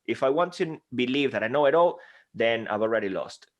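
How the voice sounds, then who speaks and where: Energetic Spanish-accented man. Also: mid-range voice, brisk, muffled recording. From Spain. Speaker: guest speaking coach. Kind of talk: interview conversation.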